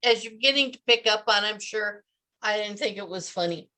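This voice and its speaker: A woman's voice: mid-range voice, moderate pace, pushed and bright. A woman speaking as a guest on a radio interview, telling stories in an upbeat, chatty way.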